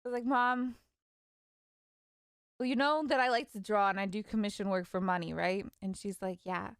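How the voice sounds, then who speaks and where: A young woman streamer casually telling stories about her parents, animated and laughing, acting out their lines. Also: mid-range voice, normal speed, smooth, dry recording, clean studio sound. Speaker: vtuber streamer. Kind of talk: casual storytelling.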